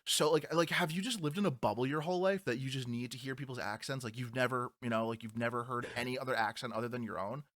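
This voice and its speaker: A young man with a New Jersey accent, co-hosting a casual podcast, animated and swearing, laughing as he mocks himself. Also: medium pitch, fast talker, few pauses, no room sound. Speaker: podcast co-host.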